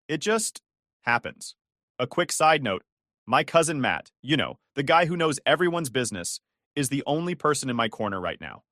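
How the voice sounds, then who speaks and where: A man's voice: mid-range voice, a bit bright, dry recording, studio quality. A male text-to-speech voice narrating a first-person family drama story.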